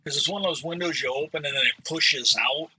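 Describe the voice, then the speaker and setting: A man's voice: fairly high pitch, brisk, sharp tone, faint music behind, rough recording. A man streaming a game and telling a rambling, profane story with a lot of hedging. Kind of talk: casual storytelling while gaming.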